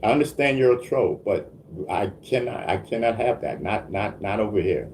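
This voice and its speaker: A man hosts a casual livestream, replying to his chat with stammered restarts and frequent laughter while repeatedly asking "you know what I mean." His lowish, darkish voice has lively intonation and a normal speed, with a little hiss or hum in the background.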